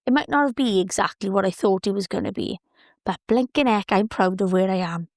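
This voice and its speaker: A woman in young adulthood talks through her podcast in an easy, chatty way, warmly encouraging and cheerleading whoever is listening. Her voice sits at an ordinary middle pitch, and the sound is close and dry with no room around it. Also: fairly quick, no room sound. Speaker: podcast host. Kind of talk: motivational podcast chat.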